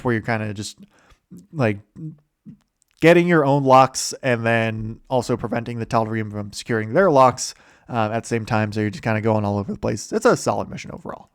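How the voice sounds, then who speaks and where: Smooth-voiced man rambling through a game recap. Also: medium pitch, no echo, clean studio sound. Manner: rambling, with many fillers, self-corrections and chuckles. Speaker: host. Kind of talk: casual game campaign summary.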